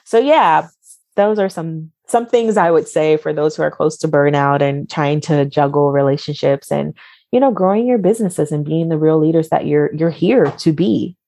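Low-voiced woman, emphatic coach. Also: normal speed, mellow, dry recording, studio quality. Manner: motivational, emphatic repetition. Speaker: guest. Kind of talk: podcast interview answers.

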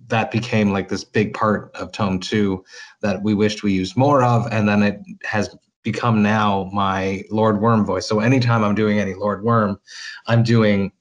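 A man, a metal vocalist, chatting casually and enthusiastically as an interview guest, rambling with restarts. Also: fairly low pitch.

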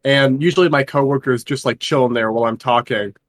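A man's voice: medium pitch, a little fast, no echo. Laid-back young man rambling. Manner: rambling with many fillers. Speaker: podcast co-host. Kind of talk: casual chat.

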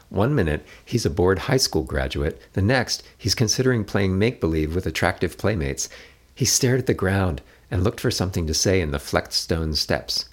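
A man reading a novel aloud in a steady, measured narration. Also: sits low. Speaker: audiobook narrator. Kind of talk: scripted narration.

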